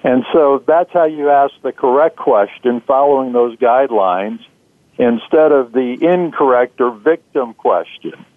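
A man, an author being interviewed, answering in a measured way with frequent "uh" fillers. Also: medium pitch, dry recording. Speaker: author and guest. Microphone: phone. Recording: tinny dry phone line.

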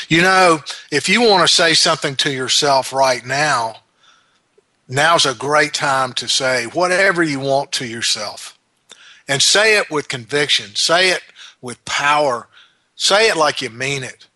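Bright-voiced earnest male self-help host. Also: on the high side, no room sound. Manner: earnest, repeats affirmations slowly for emphasis. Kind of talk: motivational talk.

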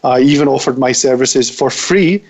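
A Scottish man speaks earnestly as a radio guest, now and then halting over his words. His voice has an ordinary pitch for a man. He comes through an internet call, which gives the sound a muffled, lo-fi quality. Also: a little mellow. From United Kingdom.

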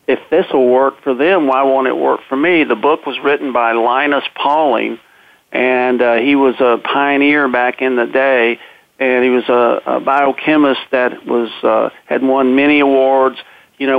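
A man telling his personal story in an earnest, plain-spoken way, pausing on "uh" and restarting his sentences often. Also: medium pitch, vocal fry, no room sound. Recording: dry, narrow phone-like sound.

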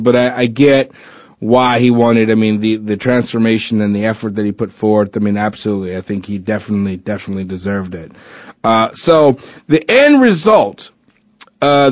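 In a dull lo-fi recording with no echo, a mid-range man hosts a laid-back chat show. He's chatty and joking, wandering through his talk with plenty of fillers and false starts.

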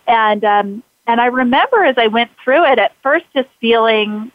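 A woman's voice: a little high, expressive, moderate pace, no room sound, phone-quality sound. A woman hosting an interview, telling a personal story with frequent fillers and restarts. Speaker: podcast host. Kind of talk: conversational interview.

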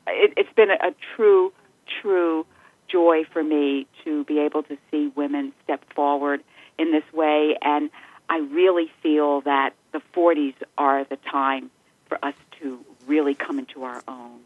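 A woman's voice: low voice, fairly even intonation, unhurried, no echo. A middle-aged woman, a joy and empowerment facilitator, speaking as a podcast guest in an effusive, heartfelt way. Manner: effusive and heartfelt, laughs often. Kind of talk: interview conversation. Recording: tinny phone line.

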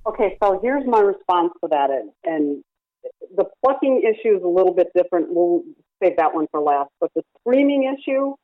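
A woman's voice: on the low side, big pitch swings, moderate pace, no echo. A woman who runs a parrot rescue, explaining her training at length with examples in a phone-in radio interview. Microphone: telephone. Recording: tinny dry phone line.

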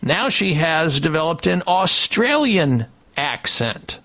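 A man's voice: fairly high pitch, big pitch swings, sharp tone. A man hosting a radio health show, reading ad copy and chatting about a medical story. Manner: reading ad copy, repeating phone numbers slowly. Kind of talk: radio talk with read ads.

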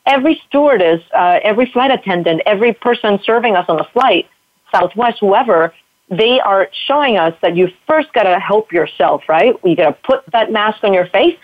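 A woman's voice: mid-range voice, expressive, a little fast, no echo, narrow, tinny audio. A woman guest and spin instructor, talking bluntly with plenty of swearing about tough love and self-worth. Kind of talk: candid interview conversation.

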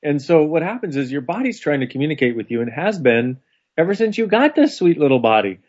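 A man telling a personal story in a casual, animated conversation, laughing often. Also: a little high, a little fast. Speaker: co-host. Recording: dull lo-fi sound.

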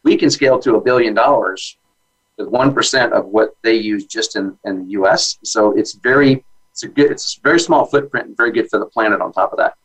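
Low-voiced man, enthusiastic guest. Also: fairly quick, fairly bright tone, poor audio. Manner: enthusiastic, with many fillers and restarts. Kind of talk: casual interview chat.

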